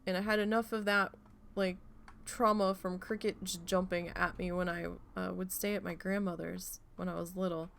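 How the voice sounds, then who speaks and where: Gravelly-voiced woman streamer, rambling. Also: lowish voice, normal speed, slight background noise. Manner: rambling, swears freely, animated storytelling. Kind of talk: casual chat while gaming.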